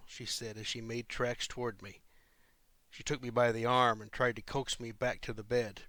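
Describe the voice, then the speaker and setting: A man, an author and podcast host, reading his own fiction in measured first-person storytelling. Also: mid-range voice, level tone, bright, forceful tone, no room sound.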